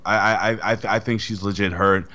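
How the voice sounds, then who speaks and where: A man's voice: fairly low pitch, steady tone, brisk, pushed and bright, highs cut off. Blunt, rambling man podcaster. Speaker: podcast co-host. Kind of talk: casual chat.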